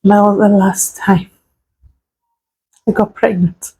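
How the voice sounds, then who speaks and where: Tearful woman in her thirties, vlog confession; slow, husky, a low warm fry. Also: level tone, poor audio. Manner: slow, halting, grieving. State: tearful, crying at times. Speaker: vlogger sharing a personal story. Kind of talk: emotional personal storytelling.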